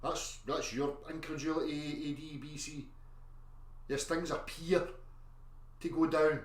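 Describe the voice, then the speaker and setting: A man's voice: a little high, fairly even intonation, a little slow, recorded from a distance. A man ranting aggressively in a monologue, insisting and swearing as he argues. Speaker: online commentator. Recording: echoey room, voice off-mic.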